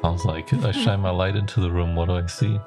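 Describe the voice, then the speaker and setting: A man's voice: low voice, fairly even intonation, quick pace, darkish tone, faint music behind. A man playing a tabletop game in character, dry and sardonic. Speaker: player.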